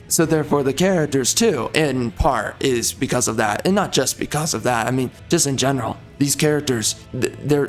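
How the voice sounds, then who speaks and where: Fairly high-voiced man ranting angrily. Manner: angry, insulting, repetitive. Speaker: game reviewer. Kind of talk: heated video game rant.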